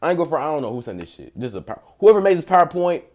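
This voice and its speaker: A man's voice: on the high side, very animated, very fast, a little mellow. A young man, a dating coach, giving blunt, mocking reaction commentary full of profanity and basketball slang. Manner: blunt, mocking, rates texts out of ten.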